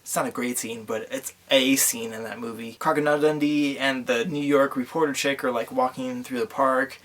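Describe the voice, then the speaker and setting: A man's voice: medium pitch, fairly even intonation, moderate pace, fairly bright tone. A young man who has been drinking rambles through a movie plot in a loose, crude vlog. He swears freely and keeps correcting himself as he meanders through the story. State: tipsy from drinking. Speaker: vlogger. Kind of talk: profane casual movie recap.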